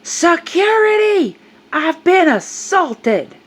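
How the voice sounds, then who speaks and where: Woman putting on a shrill belligerent older woman. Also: big pitch swings, a little slow, creaky, full character voice. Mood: mocking. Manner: shrill, yelling, mocking. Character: loud belligerent older woman shouting in a store.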